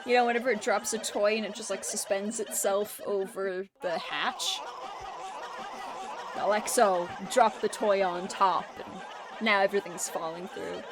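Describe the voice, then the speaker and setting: A woman's voice: mid-range voice, a little slow, a crowd in the background, background noise. A woman hosting a livestream, chatting casually and reading viewer messages aloud, laughing often between lines. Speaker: livestream host.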